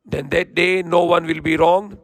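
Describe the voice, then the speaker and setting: Male religious teacher, quick recitation with a high, bright voice; dry, close recording. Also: fairly even intonation, dry recording. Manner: recites verses quickly, then explains in slow plain English. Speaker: Islamic teacher. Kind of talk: Quran lesson with recitation and translation.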